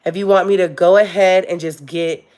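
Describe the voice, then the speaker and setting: A woman's voice: on the low side, steady tone, moderate pace, darkish tone. A young adult woman talking candidly and emotionally to her viewers on a live stream, with many fillers. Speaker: vlogger. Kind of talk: casual live-stream chat.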